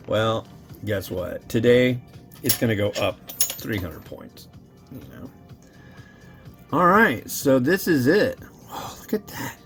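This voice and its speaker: Man, noodle reviewer, casual rambling chat, unhurried, lively pitch. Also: creaky. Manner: rambling, chatty, talks straight to viewers. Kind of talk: casual chat while cooking and tasting.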